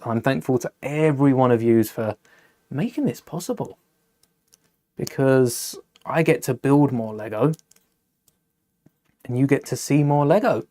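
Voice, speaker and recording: A man's voice: medium pitch, expressive, unhurried, darkish tone. A young man hosting a casual live stream, chatting and thinking aloud while building, often correcting himself mid-sentence.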